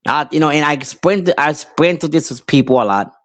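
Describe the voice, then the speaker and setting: A man who grew up between Puerto Rico and New York, hosting a podcast and telling a rambling casual story with many restarts and animated outbursts. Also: on the high side, brisk. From Puerto Rico, raised in New York. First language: English. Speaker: podcast host.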